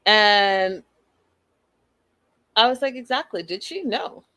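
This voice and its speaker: Animated, opinionated woman recapping a reality show. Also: medium pitch, slow, dry recording. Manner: animated, opinionated, acts out quotes. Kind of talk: casual opinionated recap talk.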